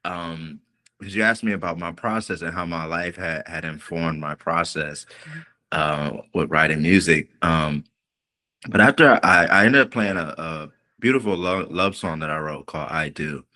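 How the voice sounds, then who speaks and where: A man's voice: low-pitched, moderate pace, sharp tone. A male R&B singer telling a long story in a podcast interview, acting out the quoted voices as he goes. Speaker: guest singer.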